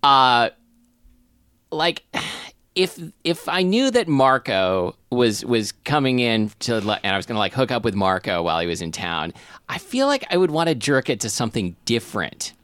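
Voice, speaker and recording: A man co-hosting a comic chat, hesitant and halting, restarting his sentences. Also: medium pitch, clear, resonant tone, no echo. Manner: halting, hesitant, many restarts and fillers, animated. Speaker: co-host.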